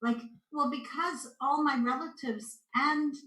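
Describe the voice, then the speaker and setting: A Canadian woman tells stories as a guest on a video call. She acts out quoted voices along the way. Her voice is bright and slightly high, and it echoes in the room. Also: a little slow. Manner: animated storyteller, acts out quotes. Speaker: guest intuitive. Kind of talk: casual interview chat.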